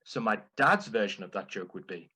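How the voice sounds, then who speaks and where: Husky, bright-voiced man giving a speech. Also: on the low side, expressive, poor audio. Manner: playful, deliberate. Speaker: club speaker. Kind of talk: humorous prepared speech.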